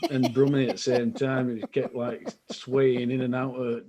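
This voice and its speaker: A man's voice: mid-range voice, level tone, moderate pace, noisy background. Laid-back man reminiscing. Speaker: podcast co-host. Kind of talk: casual reminiscing chat.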